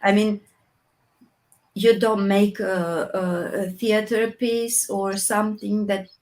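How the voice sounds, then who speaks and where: Slow, hesitant Romanian-born woman. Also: medium pitch, steady tone, a little mellow, low-quality recording. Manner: hesitant, many pauses and restarts. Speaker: interview guest, puppeteer and actress. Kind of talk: slow reflective conversation.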